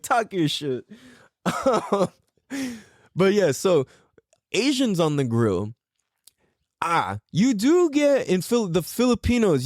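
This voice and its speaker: With a slightly high, slightly mellow voice, a podcast host delivers a casual comedic monologue, laughing frequently and acting out how his relatives talk. The sound is clean studio audio with no room sound.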